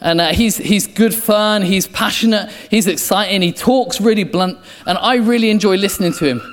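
A man preaching a passionate sermon in church, repeating key phrases and dropping to quiet intensity. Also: sits high, moderate pace. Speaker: pastor. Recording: echoey church hall, soft guitar behind.

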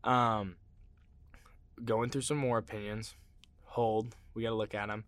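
A man's voice: on the low side, little pitch movement, a little slow, pauses often, no room sound. A young man hosting a casual sports podcast, rambling through his opinions with lots of fillers and restarts and getting worked up when he rants. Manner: gets worked up and loud when ranting. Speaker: podcast host.

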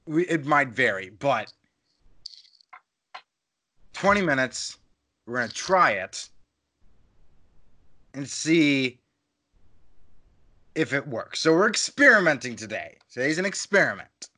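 A man's voice: medium pitch, sing-song, slow pace, long pauses, bright, forceful tone. A man hosting a podcast in casual chat, playful and jokey, rambling a little as he talks. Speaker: podcast host.

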